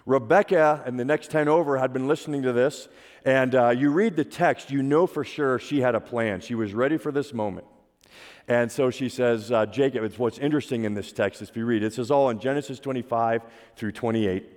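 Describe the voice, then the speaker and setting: A man's voice: medium pitch, brisk, darkish tone. Man preaching in a reverberant hall. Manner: conversational storytelling with rhetorical questions. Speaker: pastor. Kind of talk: sermon. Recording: long reverb of a large hall.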